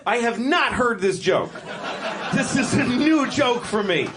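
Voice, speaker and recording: Rambling stand-up comic before a crowd. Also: male voice, extremely high pitch, expressive, unhurried. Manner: rambling, self-interrupting, acts out animal voices. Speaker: stand-up comedian. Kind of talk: stand-up routine. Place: comedy club stage before a laughing audience. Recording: live stage recording with crowd noise.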